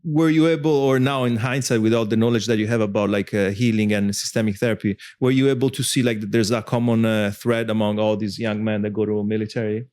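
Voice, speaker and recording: A man's voice: on the low side, fairly even intonation, fast, few pauses, darkish tone. A man hosting an interview, asking curious, probing questions in a conversational way. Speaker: podcast host.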